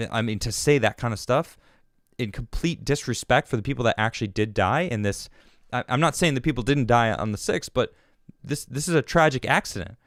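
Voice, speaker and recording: A man's voice: mid-range voice, fairly bright tone, no room sound, clean studio sound. A man hosting his own show, giving an indignant, rambling political monologue full of restarts. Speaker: show host.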